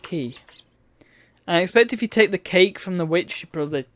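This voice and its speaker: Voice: medium pitch, expressive, normal speed. A streamer giving wry, bemused commentary while reading a game's text aloud. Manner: wry, bemused asides between read-out lines.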